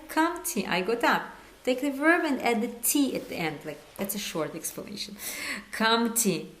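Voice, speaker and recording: Patient woman teaching a language lesson. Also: on the high side. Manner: patient, coaxing quiz-style prompting; switches between slow drilled phrases and quick repeats. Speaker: Hebrew teacher.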